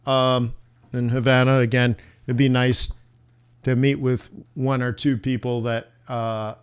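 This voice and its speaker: A man running a forex livestream rambles casually and mocks himself as he chats with viewers. His mid-range voice is clean, his delivery flat and a little slow.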